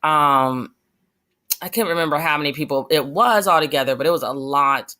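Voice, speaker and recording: A woman's voice: sits low, normal speed, pushed and bright. A young adult woman giving passionate, rambling commentary on her vlog, with many fillers and restarts. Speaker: vlogger.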